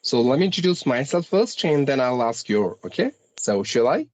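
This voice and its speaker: A man's voice: medium pitch, big pitch swings, normal speed, a little mellow. A man with an Indian English accent, an English teacher interviewing a guest in a formal, polite way, with frequent filler sounds. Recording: dull lo-fi call audio, dry.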